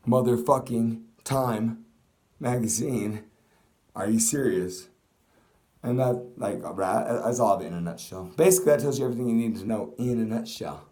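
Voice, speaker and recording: A young male vlogger with a dark, medium-pitched voice delivers an angry political rant to camera. He swears constantly throughout the monologue.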